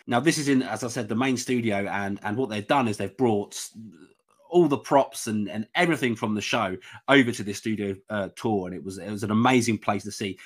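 A man's voice: fairly low pitch, fairly quick. A man narrating his own travel vlog in a rambling, casual way, often repeating words as he goes. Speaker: travel vlogger.

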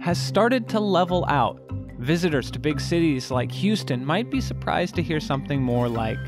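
A man narrating a scripted explainer in a clear, measured way. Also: a little high, expressive. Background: background music.

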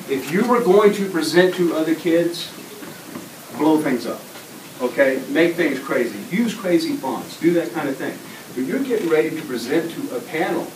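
A middle-aged man giving an energetic, interactive presentation to a school class, often asking the children questions. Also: on the high side. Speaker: guest presenter. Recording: echoey classroom taped from far off with noise.

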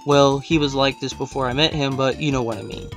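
A man's voice: medium pitch, fairly quick, creaky, a bit bright, faint music behind. A man doing sarcastic, exasperated commentary, reading out online posts in a vlog.

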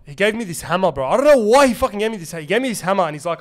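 A young Australian man hosting a podcast, telling a story in animated, slangy casual chat full of swearing. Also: high-pitched, very fast, hardly any pauses. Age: young adult. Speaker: podcast host.

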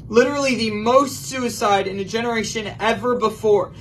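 A high-pitched man delivers an impassioned sermon, earnest and prayerful in tone. His delivery swings between loud, urgent bursts and hushed, almost whispered passages. A faint hiss of noise sits under the voice. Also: moderate pace, few pauses, low-quality recording. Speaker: preacher.

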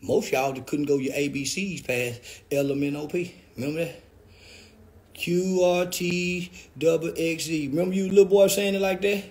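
A man ranting to camera in a loud, theatrical comedic vlog, with exaggerated mock-crying and preaching. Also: fairly high pitch, fairly quick. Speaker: vlogger. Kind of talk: comedic celebratory rant to camera.

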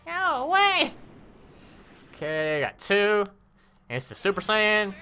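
A woman giving casual commentary on her mobile game summons, animated and cursing at bad pulls. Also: medium pitch, clear, resonant tone. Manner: animated, groaning, swears.

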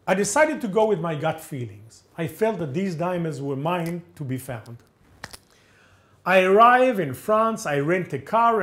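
A man lecturing as a gripping storyteller, his fairly high voice swooping up and down as he acts out each exchange. He delivers the tale in the first person with a theatrical flair. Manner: animated, acts out dialogue with shifting voices.

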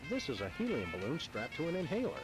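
An actor voicing a deadpan dog detective who asks dry, matter-of-fact questions. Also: male voice, a little high, quick pace, low-quality recording. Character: deadpan dog detective, middle-aged man. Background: game music.

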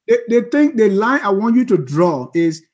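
A husky-voiced man hosts a debate, answering back in a measured, patient way. His voice runs fairly high for a man. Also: big pitch swings, darkish tone. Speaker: show host. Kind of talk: moderating a heated debate.

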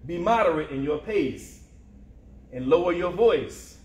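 A man voicing a pious older woman traveler who answers only in scripture, in a calm, measured recitation. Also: a little high, voice pushed up. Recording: roomy echo.

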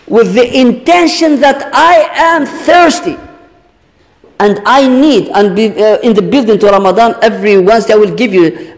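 High-voiced man lecturing in an echoing hall. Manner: slow, drawn-out emphasis with rhetorical questions. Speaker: Islamic teacher. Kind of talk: religious lecture to a congregation. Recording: long reverb of a large hall.

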